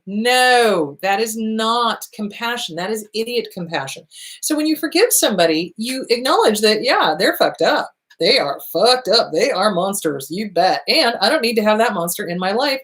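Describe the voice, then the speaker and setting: A woman's voice: medium pitch, expressive, normal speed, fairly bright tone. Blunt, emphatic woman host. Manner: blunt, emphatic, repeats points, swears freely. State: voice starting to tire. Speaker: host answering viewer questions. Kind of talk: casual advice talk.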